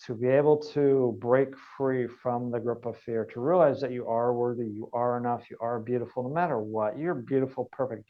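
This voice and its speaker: A man's voice: mid-range voice, highs cut off. A man giving an online wellness training, earnest and repeating key points for emphasis. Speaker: wellness coach.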